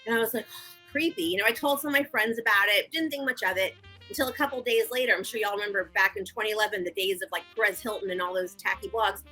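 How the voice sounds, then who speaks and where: A woman speaks as an interview guest with a husky, breathy voice that is bright and forceful and sits fairly high. She tells her story in a frank, animated, conversational way. Faint music plays behind her. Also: quick pace, rough recording. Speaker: guest, victim advocate.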